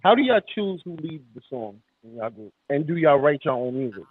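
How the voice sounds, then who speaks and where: A man hosts an interview and asks his questions in a laid-back way. His pitch moves around with life. His voice comes through thin and tinny, like over a phone. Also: very animated, brisk, no echo. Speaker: podcast host.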